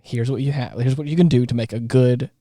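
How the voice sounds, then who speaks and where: Mellow-voiced man chatting on a podcast. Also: medium pitch, fairly even intonation, fairly quick, no echo, clean studio sound. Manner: rambling, lots of fillers and restarts. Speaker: podcast co-host. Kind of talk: casual chat.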